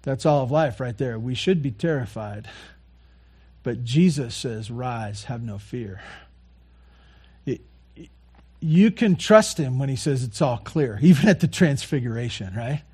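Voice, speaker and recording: A man preaching a sermon, earnestly repeating key phrases and moving between quiet, soft lines and louder passages. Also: medium pitch, animated, moderate pace, breathy edge. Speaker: pastor.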